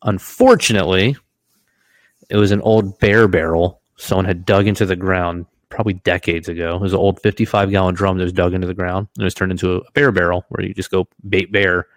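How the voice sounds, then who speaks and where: Low-voiced man telling a rowdy story. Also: a little fast, no room sound. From Washington state, US. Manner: animated storyteller, swears freely, laughs through his stories. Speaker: podcast co-host. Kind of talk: casual storytelling chat.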